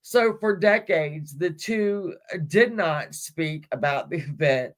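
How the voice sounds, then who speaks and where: A woman's voice: low voice, expressive, slow pace. A woman hosting a livestream, casually retelling a story and giggling as she reads. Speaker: livestream host.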